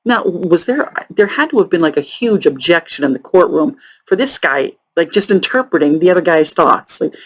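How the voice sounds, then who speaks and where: A woman hosting a true crime show, telling the case in a casual, halting way with frequent sarcastic and profane asides. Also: lowish voice, expressive, rough recording. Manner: halting, many ums and restarts. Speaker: true crime podcast host.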